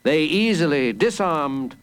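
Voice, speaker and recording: A man reading a children's adventure story aloud in an expressive, dramatic way. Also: a little high, takes it slowly, smooth, poor audio. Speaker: narrator.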